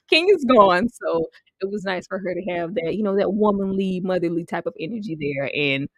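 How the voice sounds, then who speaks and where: A woman's voice: mid-range voice, lively intonation, normal speed, a bit bright, no room sound. A young adult woman reviewing a TV episode in casual chat, laughing often and acting out the characters' lines. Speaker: TV show reviewer.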